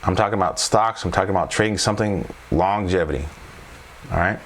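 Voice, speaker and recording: Speaking a little fast in a low voice, a trading coach reviews stock charts off the cuff, with slight background noise. He reasons out loud and keeps asking viewers tag questions after each point.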